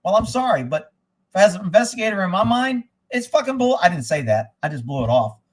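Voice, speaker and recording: Male livestream host, slightly raised pitch, swears freely, rambles from one topic to the next. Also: very animated, a little fast. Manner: profane, rambling, blunt. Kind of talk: casual rambling livestream talk. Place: indoors at a rural home.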